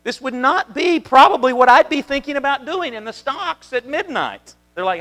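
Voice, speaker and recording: A man's voice: extremely high pitch, very animated, moderate pace, hardly any pauses, bright, forceful tone. A man preaching a conversational sermon as a pastor, telling the story in a chatty way with many restarts. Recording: long reverb of a hall.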